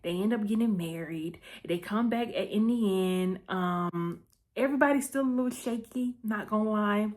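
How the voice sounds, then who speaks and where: A woman hosting her vlog, recapping a movie in a breezy, chatty way, full of quick asides and "okay?" check-ins. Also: mid-range voice, darkish tone. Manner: breezy and playful, with asides and quick self-corrections. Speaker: vlog host. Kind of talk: casual chat movie recap.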